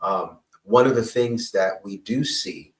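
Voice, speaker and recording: A middle-aged counselor and pastor tells a podcast host a personal story, earnest and emphatic, often checking in with "right?" and "okay?". His voice is on the low side and unhurried, recorded from a distance in low quality.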